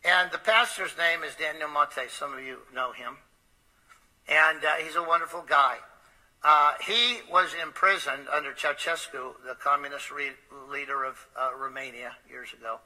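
A man's voice: a little high, normal speed, bright, forceful tone, low-quality recording. A man preaching, telling a story in a conversational way with frequent hesitant fillers. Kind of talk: storytelling sermon.

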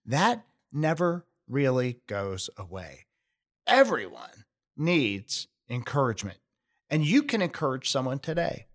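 A man's voice: medium pitch, big pitch swings, unhurried. A middle-aged man hosting a podcast, giving an earnest, emphatic motivational talk. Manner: earnest, emphatic, building up encouraging scenarios. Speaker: podcast host.

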